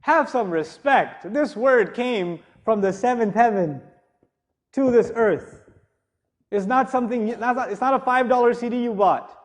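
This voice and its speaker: A man's voice: extremely high pitch, measured pace. A middle-aged man giving a religious lecture to a live audience, conversational and joking, then rising into emphatic passages. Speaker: Islamic speaker.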